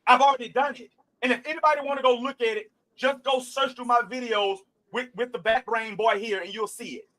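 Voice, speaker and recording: A man's voice: extremely high pitch, steady tone, fairly quick, pushed and bright, low-quality recording. A man hosting a livestream Bible debate, talking emphatically and bluntly, cutting in and swearing. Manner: emphatic, interrupting, blunt and profane. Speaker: host.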